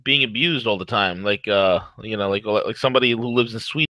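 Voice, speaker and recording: A man's voice: lowish voice, fairly quick, no echo, poor audio. A man co-hosting a morning radio talk show, reading sponsor ads and ranting in a fired-up way, laughing between his points. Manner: fired-up, rants loudly, jokes and laughs. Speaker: co-host. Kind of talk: talk radio commentary with ad reads.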